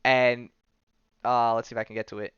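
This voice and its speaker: A podcast host, retelling a comic story in casual chat and acting out the characters' lines. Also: male voice, mid-range voice, little pitch movement, fairly quick, a bit bright, clean tone, no echo, muffled recording. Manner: rambling storyteller, acts out quotes in a loose offhand way.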